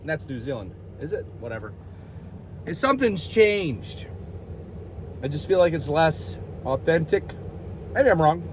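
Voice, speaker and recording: A man's voice: a little high, very animated, measured pace, pauses often, a little hiss or hum. Rambling, jokey vlogger man. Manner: jokey, rambling, self-mocking, over the top. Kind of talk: casual rambling vlog.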